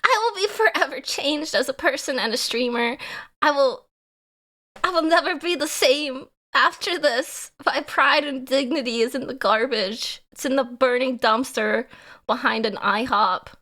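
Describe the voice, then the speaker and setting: A woman's voice: high voice, unhurried, sharp tone. A young woman streamer chatting casually with her viewers in a theatrical way, swinging between mock sobbing and laughing. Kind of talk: casual live-stream chat.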